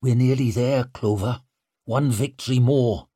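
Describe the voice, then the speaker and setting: A sour old chieftain mutters grimly, low and hushed, weary of the young, as a man puts him on. The storybook recording is dry and close. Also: unhurried, slightly rough, no room sound. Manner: sour, grim, low and quiet. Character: sour, grim aging male chieftain.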